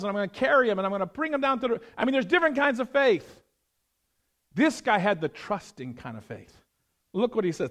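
A male pastor preaching a sermon, animated, swinging between loud emphasis and hushed, prayerful tones. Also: very high-pitched.

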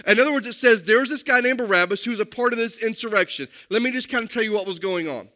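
A male pastor with a high, bright voice delivers a sermon. He speaks emphatically and keeps turning to the congregation with direct questions. His tone stays lively and forceful. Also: fast talker.

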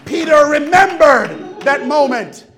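A man preaching a sermon as pastor in a church, shouting and calling for responses from the congregation. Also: extremely high pitch, animated, slow, music in the background. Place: church sanctuary.

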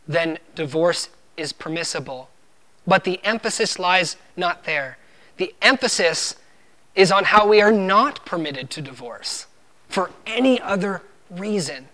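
A man's voice: on the high side, sharp tone. A man preaching a sermon as pastor, earnest and emphatic, driving points home with firm repeated refrains.

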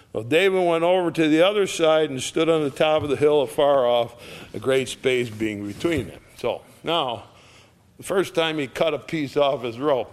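A man preaching a sermon, reading scripture aloud and retelling the story in lively plain talk. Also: on the high side. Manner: animated storytelling, acting out the characters. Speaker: pastor.

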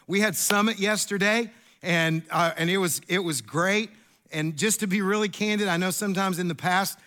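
High, bright-voiced preacher man. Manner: animated, storytelling with asides and repeats. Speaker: pastor. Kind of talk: sermon.

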